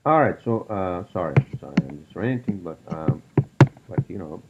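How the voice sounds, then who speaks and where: A man's voice: low voice, big pitch swings, normal speed, vocal fry, muffled recording, background noise. A man hosting a solo podcast, rambling through topics with lots of fillers and profane rants. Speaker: podcast host.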